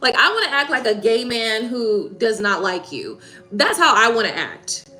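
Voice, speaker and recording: A woman's voice: fairly high pitch, big pitch swings, moderate pace, pushed and bright, soft background music. A woman hosting a live tarot stream, venting heatedly in casual talk, swearing and repeating herself.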